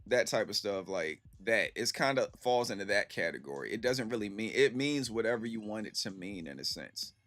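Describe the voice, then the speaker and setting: A man's voice: lowish voice, expressive, fairly quick, hardly any pauses, fairly bright tone, dry recording, soft background music. A man in his thirties streaming and answering his chat in a rambling, slangy storytelling way full of fillers. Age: 30s. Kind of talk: casual livestream chat.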